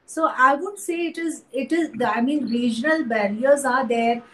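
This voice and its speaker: A woman with an Indian English accent, an art historian and teacher, speaking thoughtfully in an interview with many pauses and fillers. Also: high voice, slight background noise, poor audio. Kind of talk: interview conversation.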